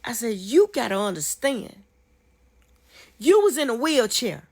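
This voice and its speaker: Fervent woman with a gravelly edge. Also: big pitch swings, measured pace, pauses often. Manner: fervent, repetitive, rises high when rejoicing. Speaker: storyteller sharing a dream testimony. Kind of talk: casual spoken testimony.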